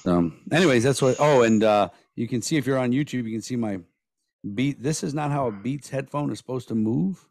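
A man co-hosting a casual podcast, rambling and blunt with plenty of swearing, his voice worn hoarse from days of nonstop talking. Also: mid-range voice, fairly quick, darkish tone, no room sound, clean studio sound. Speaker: podcast co-host.

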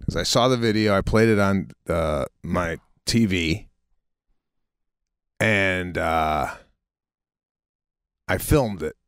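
Male podcast co-host, lowish voice, casual and profane delivery. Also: slow pace, pauses often. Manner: loose and profane, calls people bro. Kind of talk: casual podcast chat and ad read.

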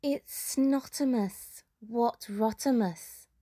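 A sly storybook snake draws out each word with a hiss, voiced by a woman reading aloud. The delivery is slow and sneaky. The recording is dry and close. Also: fairly high pitch, dark tone, dry recording, pitched above the performer's own voice. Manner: drawn-out, hissing.

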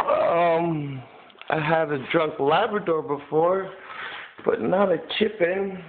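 A man's voice: fairly high pitch, takes it slowly, narrow, tinny audio, slight background noise. A man at home filming his dog, chatting casually and coaxingly to the camera and swearing now and then. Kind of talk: casual home video commentary. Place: at home indoors.

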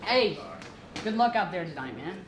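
A man's voice: high voice, expressive, normal speed, a crowd in the background. A man in a comedy sketch, teasing the other player in a laid-back way.

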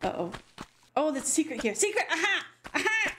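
Aussie woman chatting while she games, high lively voice, noisy background. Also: a little fast. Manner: chatty, excitable, squeals to game animals. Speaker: streamer. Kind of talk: casual gameplay streaming.

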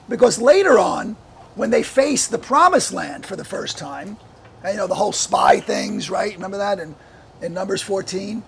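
Male pastor, sermon delivery: high, gravelly voice; animated, full of rhetorical questions. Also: a little hiss or hum. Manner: animated, asks the congregation many rhetorical questions; laughs often between points.

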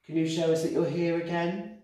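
Man, medium on a ghost hunt, excitable; recorded far off with heavy room echo. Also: on the high side, a little fast. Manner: excitable, relays spirit messages. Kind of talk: paranormal investigation chat. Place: dark old control tower, indoors. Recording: echoey room, distant mic.

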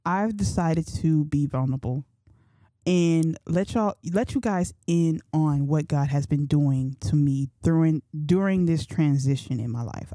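A woman's voice: sits low, dark tone, no echo, clean studio sound. A young woman in her twenties hosting a podcast, talking about faith in a chatty, slangy way and thinking aloud. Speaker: podcast host. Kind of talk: casual faith talk.

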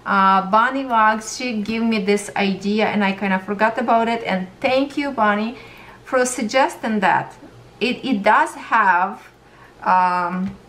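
Woman host for a craft unboxing vlog, slow-spoken and excitable, mic set back with faint hiss. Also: mid-range voice, far from the mic, low-quality recording. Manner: gushing, excitable, chatty. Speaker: diamond painting YouTuber.

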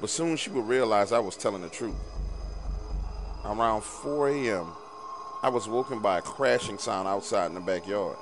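A man with a fairly low voice narrates a scripted first-person horror story. His telling is hushed and somber, kept low and close. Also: normal speed, background noise. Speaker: storyteller recounting an encounter.

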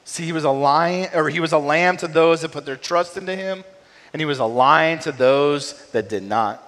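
Conversational pastor with hall reverb. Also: male voice, fairly high pitch, normal speed, a bit bright. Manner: conversational, frequent tag "right?". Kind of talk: sermon. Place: church sanctuary.

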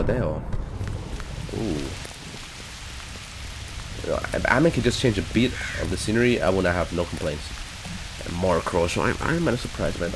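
Excitable man narrating gameplay. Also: fairly low pitch, a little hiss or hum. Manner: excitable, talks to viewers, jumpy outbursts. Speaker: gaming YouTuber. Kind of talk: casual let's-play commentary. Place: hot home room.

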